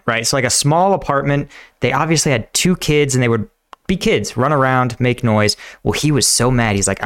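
Male host, mid pitch, smooth voice, casual and hesitant. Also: a bit bright. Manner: rambling, hesitant, many fillers. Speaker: host, combat veteran. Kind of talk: casual podcast chat.

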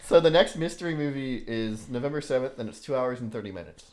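Brief: male podcast co-host, mid pitch, relaxed, short replies, laughs a lot. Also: fast talker. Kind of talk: casual chat.

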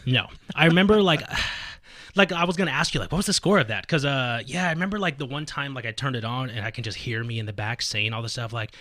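A young man talks through a story on a podcast, fast and bright, throwing himself into the lines he quotes. The sound is dry and close, with no room around it. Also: medium pitch, no room sound. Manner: animated retelling, acts out quoted voices loudly, swears freely. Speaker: podcast guest, fighting game player. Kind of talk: casual storytelling chat.

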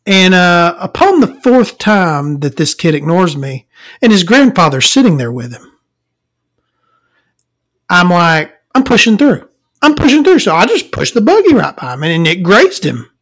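A woman's voice: big pitch swings, unhurried. Crude, rambling woman ranting. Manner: crude, rambling and exasperated, heavy swearing; jumps between loud outbursts and low mutters. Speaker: vlogger telling a story. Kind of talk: profane storytelling rant.

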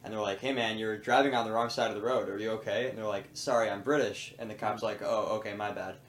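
A man's voice: fairly low pitch, steady tone, fast. A young man co-hosting a podcast, joking and teasing in casual chat. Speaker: podcast co-host. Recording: echoey room with faint noise.

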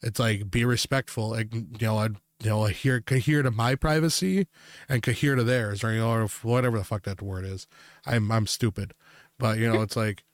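A man's voice: on the low side, normal speed, no echo, studio quality. A young man co-hosting a podcast, in casual chat, joking, laughing often and swearing freely. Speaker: podcast co-host.

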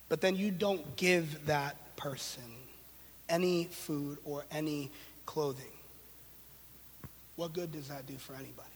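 A man's voice: on the high side, fairly even intonation, unhurried, long pauses, long reverb tail, a little hiss or hum. A man preaching a casual, conversational sermon in a slangy, playful way, with sarcastic asides.

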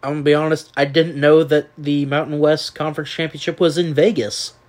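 A man's voice: a little high, level tone. A man co-hosting a casual sports podcast, chiming in with team nicknames and conference trivia. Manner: chatty, quick to add team trivia. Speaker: podcast co-host.

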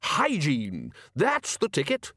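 A man voicing a hearty, blustering old wizard who leads a university, loud and jovial. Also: fairly high pitch, huge pitch swings, slow pace, dry recording, studio quality, voice pushed up, heavily acted. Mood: hearty, bullish. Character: hearty booming old wizard headmaster, cheerfully bullish.

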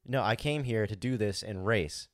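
A man with a fairly low voice tells a story in casual podcast chat, recorded dry and close with no room sound. He acts out his own thoughts as he talks, swears freely and leans on "like" as a filler. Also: moderate pace, no echo. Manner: frequent "like" fillers. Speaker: podcast co-host.

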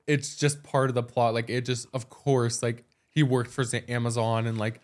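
Young man, podcast co-host, casual storytelling, lots of "like", mid pitch. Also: little pitch movement, moderate pace. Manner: storytelling, fillers of "like" throughout. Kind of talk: casual chat.

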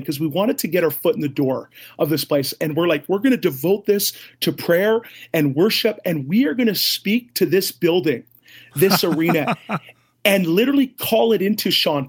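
A middle-aged ministry leader, appearing as an interview guest, tells a lively story, imitating other people's voices and laughing frequently. His voice sits high and sounds husky.

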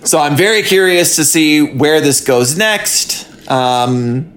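A man's voice: a little high, animated, slow, a bit bright. A man co-hosting a casual TV recap podcast, given to profane, exasperated rants, recorded in a home guest bedroom studio. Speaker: podcast co-host. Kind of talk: casual chat.

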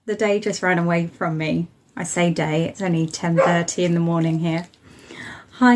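A woman's voice: medium pitch, darkish tone. Effusive English woman hosting a podcast. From England. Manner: effusive, greets listeners as gorgeous and lovely. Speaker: podcast host and meditation teacher. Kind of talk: chatty live-stream welcome.

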